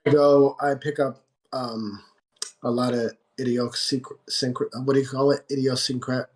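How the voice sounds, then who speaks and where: An American man guesting on a podcast speaks at an ordinary middle pitch. He is relaxed and candid about himself. Now and then he stalls, groping for a word. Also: unhurried. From United States. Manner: relaxed, candid, searches for words. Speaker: guest tattoo artist. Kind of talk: casual podcast chat.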